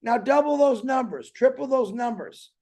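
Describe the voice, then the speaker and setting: Man, high voice, earnest, rambling, casual host talk. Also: animated, normal speed, mellow. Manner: earnest, rambling, repeats himself. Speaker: show host. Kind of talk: casual motivational talk to a community.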